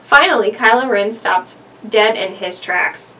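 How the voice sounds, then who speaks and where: A woman's voice: mid-range voice, unhurried, sharp tone, distant mic, a little hiss or hum, poor audio. A young woman reading a horror story aloud with a friend, joking between passages and breaking into giggles. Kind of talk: casual story reading with banter.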